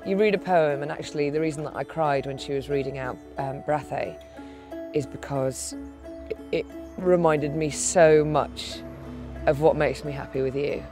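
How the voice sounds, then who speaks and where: A woman's voice: low voice, steady tone, moderate pace, over music. A woman co-presenting a travel webisode, speaking earnestly and emotionally in casual chat.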